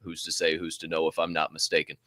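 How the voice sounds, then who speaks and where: A man co-hosting a podcast in casual, animated banter, swearing freely and calling listeners his friends. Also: a bass voice, fast, no echo, studio quality. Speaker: podcast co-host.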